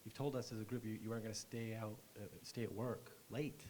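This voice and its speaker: A gentle therapist asks hesitant, probing questions, as a man plays him in a counseling role-play. His voice is dark and mellow, a little distant, with a faint hiss. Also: on the low side, steady tone, quick pace, close to an everyday voice.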